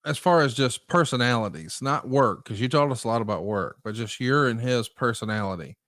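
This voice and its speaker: A man's voice: medium pitch, fairly quick, a bit bright, no echo. Teasing man in a dry room. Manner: joking, teasing. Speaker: podcast co-host. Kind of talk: casual interview questions.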